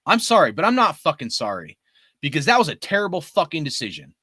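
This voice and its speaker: A man's voice: on the high side, huge pitch swings, quick pace, pushed and bright, slightly rough, no echo, studio quality. A man in his forties ranting about his team in a heated, profane way. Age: 40s. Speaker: sports fan commentator. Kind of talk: ranting fan commentary.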